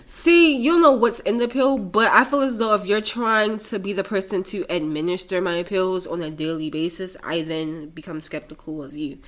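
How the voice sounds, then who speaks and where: A woman's voice: medium pitch, normal speed, hardly any pauses, a bit bright. A young woman co-hosting a podcast, telling stories with chatty, playful teasing. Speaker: podcast co-host. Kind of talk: casual chat.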